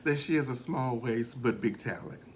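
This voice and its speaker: A man giving a casual, gossipy recap of a reality show, animated and quick to laugh as he tells it. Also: medium pitch, slight background noise. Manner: gossipy and animated, often laughing, slips into quoting.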